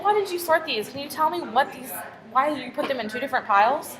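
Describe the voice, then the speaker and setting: A woman's voice: high voice, expressive, quick pace, a crowd in the background. A woman teacher tutoring one pupil in phonics, patient and encouraging, asking question after question. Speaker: reading teacher.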